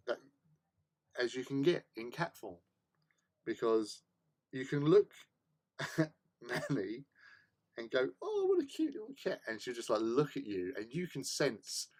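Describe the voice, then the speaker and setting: A man hosting a hobby livestream, chatting casually in a rambling, self-mocking way. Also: medium pitch. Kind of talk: casual chat.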